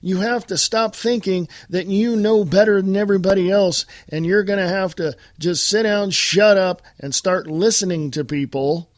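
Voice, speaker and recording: Blunt, high-voiced male podcast host. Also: normal speed, hardly any pauses, dry recording, clean studio sound. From United States. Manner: blunt and combative, addressing listeners directly. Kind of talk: political talk monologue.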